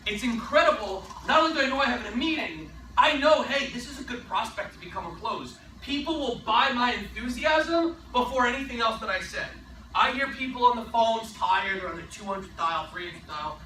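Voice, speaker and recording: A man giving a sales training talk, energetic and emphatic, often tossing in a rhetorical "right?". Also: very high voice, a little fast, roomy sound, distant mic, slight background noise, low-quality recording.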